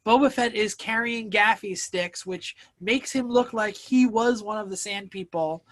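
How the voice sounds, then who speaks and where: A man's voice: sits high, measured pace. A man hosting a casual podcast chat, recapping a plot at length and stopping to explain the background. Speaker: podcast host.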